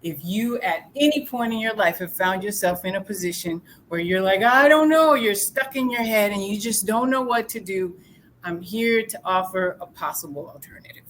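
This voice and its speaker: A woman giving a motivational talk as a guest speaker in an animated, storytelling way. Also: medium pitch, moderate pace, a little hiss or hum.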